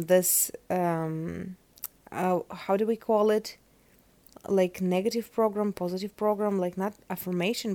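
A woman's voice: lowish voice, fairly even intonation, takes it slowly, a little mellow, no room sound. A woman with a Russian accent, a native Russian speaker, hosting a casual solo podcast. She rambles and searches aloud for words. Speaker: podcast host.

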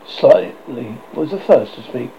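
Expressive male storybook narrator. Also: mid-range voice, unhurried, muffled recording, slight background noise. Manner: expressive, theatrical reading. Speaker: audiobook reader.

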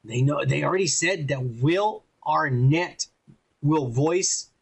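A man's voice: on the high side, takes it slowly, creaky, husky. A man hosting a podcast in profane casual chat, bossy and swearing, cutting his co-host off.

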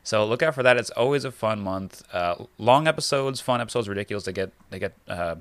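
A man's voice: lowish voice, animated, fairly quick, dry recording. A man co-hosting a podcast, chatting casually and rambling with many restarts. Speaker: podcast co-host. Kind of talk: casual chat.

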